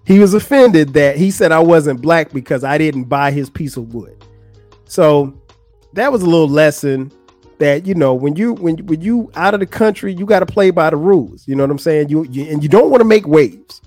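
A man's voice: a little high, lively intonation, normal speed, darkish tone, no room sound, faint music behind. Slangy male podcast storyteller. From United States. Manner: slangy, loose, with restarts. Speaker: podcast host. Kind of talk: casual storytelling.

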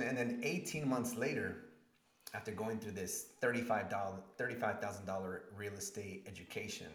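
Man, very deep voice, interview guest, animated storytelling, echoey room. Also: moderate pace. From Spanish-speaking family. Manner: animated storyteller, acts out quotes with rising emotion.

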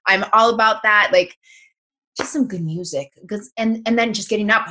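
A woman's voice: mid-range voice, normal speed, a little hiss or hum. A woman speaking as a podcast guest in casual conversation, emphatic and upbeat, swearing freely. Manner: lively, varies between calm and excited.

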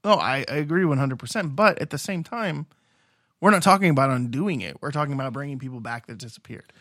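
A man's voice: mid-range voice, fast, a bit bright, no room sound, studio quality. A man co-hosting a casual film podcast who steers the talk and drops jokes. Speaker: podcast co-host.

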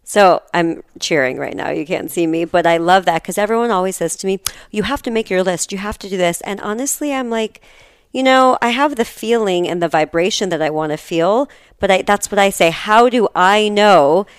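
A woman's voice: mid-range voice, moderate pace, smooth, no room sound, studio quality. A woman who is an astrologer guest in a casual spiritual chat, explaining earnestly with analogies.

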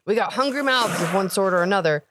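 A woman doing a gruff, world-weary pirate cook. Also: medium pitch, animated, fast talker, fairly bright tone, slight background noise, pitched above the performer's own voice, natural voice. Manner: drawling, world-weary, turns menacing. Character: gruff middle-aged male pirate ship cook.

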